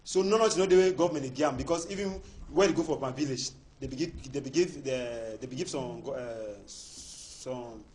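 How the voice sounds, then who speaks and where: A man's voice: mid-range voice, moderate pace, hardly any pauses, darkish tone, slight background noise. A man from Cameroon speaking Cameroonian Pidgin English as a panelist in a heated studio debate, emphatic and repeating words as he builds his points.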